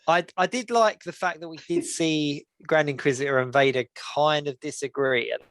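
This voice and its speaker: A man co-hosting a casual fan chat, his voice a little gravelly and pitched fairly high. The sound is dry and close, with no room around it. He laughs easily and jumps into impressions mid-sentence. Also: moderate pace, a bit bright, dry recording. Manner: enthusiastic, laughs often, quotes others in voices. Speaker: podcast co-host.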